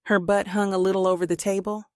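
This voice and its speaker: A woman reading a novel aloud in steady, unhurried scripted narration. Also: medium pitch, no room sound, studio quality. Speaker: audiobook narrator.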